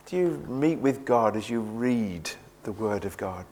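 A man's voice: fairly low pitch, animated, unhurried, darkish tone. A man preaching a sermon in an earnest way, often repeating words as he presses a point.

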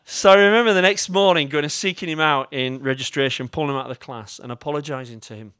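An English man preaching a sermon, with a voice pitched a little high for a man. He speaks to his congregation directly and tells stories in a chatty way, with humour aimed at himself. The recording is dry, with no room echo. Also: quick pace, fairly bright tone, smooth. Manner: chatty storytelling with self-mocking humour. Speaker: pastor.

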